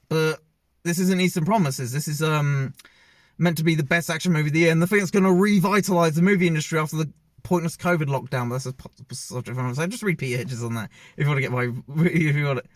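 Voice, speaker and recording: Male film reviewer, slightly high voice, loose and hesitant delivery, dead-dry recording. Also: quick pace, dry recording. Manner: rambling, hesitant, many fillers and restarts. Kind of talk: casual spoken movie review.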